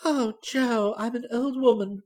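A reader voicing an elderly aunt, a former stage performer with a grand manner, speaking slowly and quietly. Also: mid-range voice, natural voice. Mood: tender.

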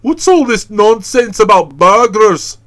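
A reader voicing an irritable older male aristocrat who barks his lines loudly and indignantly. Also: mid-range voice, lively intonation, slow pace. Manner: loud, indignant barking.

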